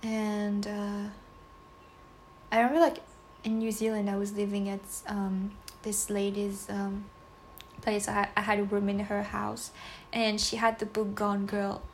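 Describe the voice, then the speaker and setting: A woman's voice: medium pitch, completely flat delivery, unhurried, slight background noise. A woman hosting a casual solo podcast, speaking English as a second language, chatty and rambling with frequent giggles. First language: not English. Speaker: podcast host.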